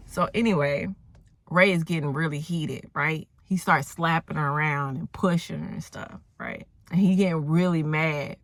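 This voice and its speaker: A woman recapping a movie in a casual, rambling way, telling the story with animated asides and exclamations. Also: low voice, normal speed, dry recording. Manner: animated storyteller who acts out the characters and exclaims at the plot.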